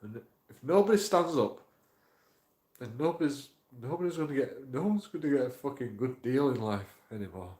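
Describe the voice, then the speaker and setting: A YouTube auditor vlogger talks for his channel in a rambling, emotional monologue, swearing and repeating himself. His mid-range voice is expressive and darkish, at a normal speed, with a roomy echo around it.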